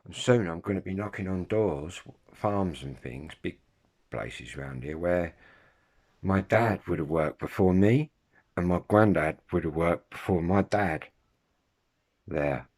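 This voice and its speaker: Man, kent accent, rambling chatty monologue, lowish voice, lots of slang. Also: unhurried, a little mellow. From Kent, England. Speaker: vlogger. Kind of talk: casual monologue to viewers.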